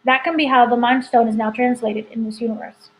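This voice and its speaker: A woman's voice: on the high side, steady tone, a little fast, low-quality recording. A woman editor chatting casually through a spoiler review, rambling with lots of "like" and "you know". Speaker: entertainment editor reviewing a TV episode.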